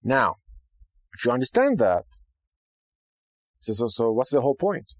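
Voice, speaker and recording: With a medium-pitched voice and no echo, this man teaches about Judaism on his podcast at an easy pace. He sounds dry, casual and animated, often dropping in "okay" and "right."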